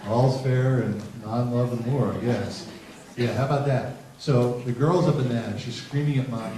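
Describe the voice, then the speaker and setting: A middle-aged man, a psychologist, telling stories to a seminar audience in an animated, humorous way and acting out voices. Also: mid-range voice, moderate pace. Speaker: psychologist giving a parenting seminar. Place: large hall with an audience. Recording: roomy, distant, noisy hall recording.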